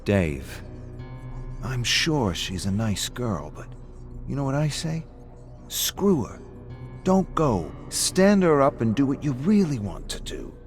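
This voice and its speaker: A man voicing a calm, probing pub owner who needles an old friend in a dry, measured way. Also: mid-range voice, soft background music, voice pushed up. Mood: needling. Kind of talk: audiobook-style story reading.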